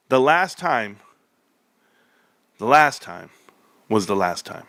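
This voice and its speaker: A man hosting casual stock market commentary, animated and joking, calling his viewers bro. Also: on the low side, takes it slowly, gravelly, long pauses, no echo, clean studio sound. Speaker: stock market video host.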